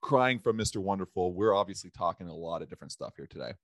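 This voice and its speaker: A male podcast host with a lower voice who talks quickly in a loose, joking way. His sound is close and dry, with no room around it. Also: no echo. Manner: energetic, joking, swears casually. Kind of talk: casual interview chat.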